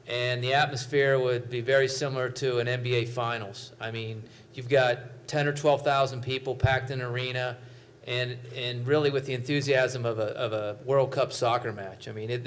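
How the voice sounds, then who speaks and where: A man's voice: medium pitch, a bit bright. Enthusiastic man speaking on a panel. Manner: enthusiastic, repeats words when starting. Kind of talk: panel discussion answer.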